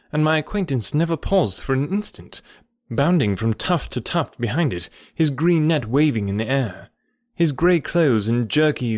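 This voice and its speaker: An audiobook narrator reads a classic novel from a script in a measured storytelling voice. His mid-range voice is captured at studio quality with no room sound.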